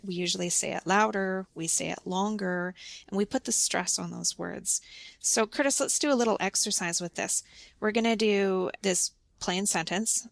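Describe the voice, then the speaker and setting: A woman hosts a relaxed podcast conversation, asking guiding questions and explaining points patiently. Her voice carries a touch of vocal fry. The sound is close and dry, with no room around it. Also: fairly low pitch, moderate pace, dry recording. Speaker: podcast host and English teacher.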